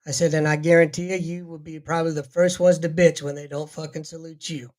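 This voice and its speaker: A man's voice: on the high side, flat delivery, quick pace, a little mellow. A man in casual podcast chat, talking bluntly and swearing casually. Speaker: podcast co-host.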